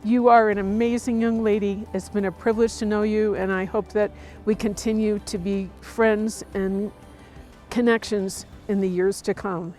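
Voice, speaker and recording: A woman mentor in a recorded video tribute, speaking in a heartfelt, gentle way. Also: mid-range voice, level tone, moderate pace, faint music behind.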